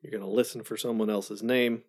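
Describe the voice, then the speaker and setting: Podcast co-host, calm and steady, explains practical steps. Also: mid-range voice, a little fast. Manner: steady, advice-giving. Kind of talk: casual chat.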